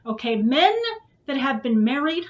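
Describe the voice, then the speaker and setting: A woman's voice: high-pitched, lively intonation, normal speed, dull audio. A woman hosting a vlog, telling a personal story to her son in a frank, emotional way and swearing when upset.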